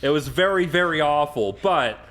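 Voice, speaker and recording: A man's voice: a little high, lively intonation, moderate pace, fairly bright tone, soft background music. A man co-hosting a gaming stream who chats casually, teasing his partner and swearing freely.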